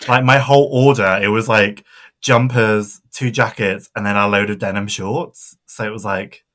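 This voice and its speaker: A man's voice: lowish voice, fairly even intonation, moderate pace, a bit bright. A man co-hosting a podcast in casual chat, chatty and laughing often, trailing off with ums. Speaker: podcast co-host.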